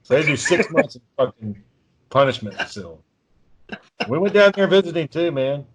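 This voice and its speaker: A man's voice: a little high, very animated, moderate pace, husky. A man telling a long story in a casual, profane, rambling way as a podcast co-host. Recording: dull lo-fi recording.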